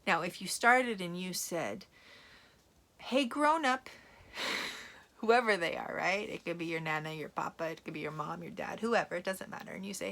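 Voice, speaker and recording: Bilingual teacher, woman, bright, animated read-aloud for kids, playful. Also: fairly low pitch, moderate pace. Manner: switches between English and Spanish, animated, playful.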